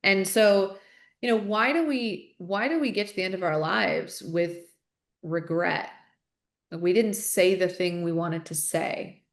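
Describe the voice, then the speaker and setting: A woman with a slightly low-pitched voice talks as a podcast guest. She is earnest, candid and animated, and often restarts a thought by repeating a few words. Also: measured pace, echoey room. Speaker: podcast guest, author and coach. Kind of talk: interview conversation.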